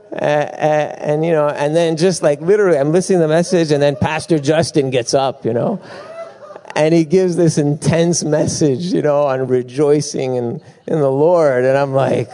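Middle-aged guy preaching, mellow voice, chatty storytelling, laughs a lot. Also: a little high, moderate pace. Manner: lively storytelling with frequent asides and laughter. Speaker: pastor. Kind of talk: sermon.

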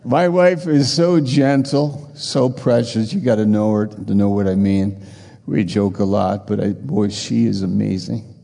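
Gravelly old preacher guy in his 60s, slow and earnest, lots of hall echo. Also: fairly low pitch, steady tone, mellow. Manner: earnest, conversational, repeats phrases. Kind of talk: sermon with personal testimony. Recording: long reverb of a large hall.

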